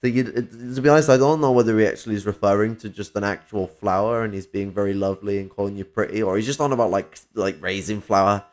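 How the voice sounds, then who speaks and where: Low-voiced man chatting with swearing. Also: fast, hardly any pauses, a little mellow. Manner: rambling, fills with um and swears freely. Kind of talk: casual podcast chat.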